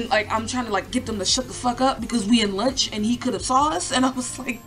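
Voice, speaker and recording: A woman's voice: fairly high pitch, fast, few pauses, a bit bright, faint music behind. A young woman telling a story to camera in a casual, rambling way, full of fillers and swearing. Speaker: vlogger.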